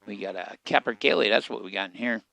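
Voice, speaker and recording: A man giving relaxed, casual commentary as he plays a survival game, talking half to himself. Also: on the low side, fast talker, gravelly, dry recording. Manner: relaxed, muttering to himself while playing. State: hiccups. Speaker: game streamer.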